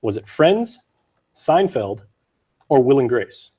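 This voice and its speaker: A young man from Guam hosting a news show, quick and joking as he runs a trivia quiz. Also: mid-range voice, sing-song, dark tone, slightly rough. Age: young adult. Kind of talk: lively on-air quiz banter.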